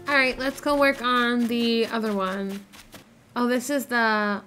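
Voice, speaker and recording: A woman's voice: on the high side, normal speed, a bit bright, soft background music. A woman giving casual gameplay commentary, chattering in a scatterbrained, self-deprecating way. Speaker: gaming YouTuber.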